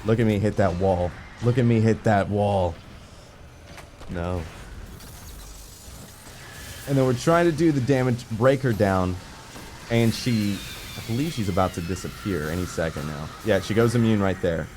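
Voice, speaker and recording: A young man giving casual, rambling commentary over his gameplay footage, full of fillers and excited asides. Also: fairly low pitch, slight background noise. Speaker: gaming video creator.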